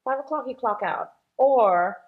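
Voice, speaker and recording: A woman's voice: fairly high pitch, animated, unhurried, phone-quality sound. A woman guest in a casual interview, a shop owner talking chattily with many fillers and easy laughs.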